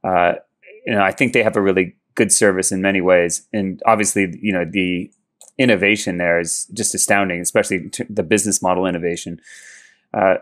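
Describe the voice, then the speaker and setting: Man, low voice, CEO guest, measured, explanatory, thoughtful fillers. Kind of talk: interview answers.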